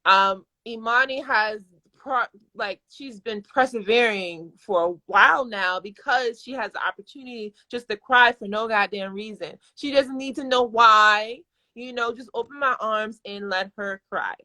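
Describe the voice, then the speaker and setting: Woman host in her thirties on a live video call: bright, forward tone, gushing and candid, stop-start casual chat. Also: on the high side, unhurried. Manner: candid, effusive, restarts sentences often. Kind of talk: casual live-stream conversation. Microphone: phone or webcam on a live video call.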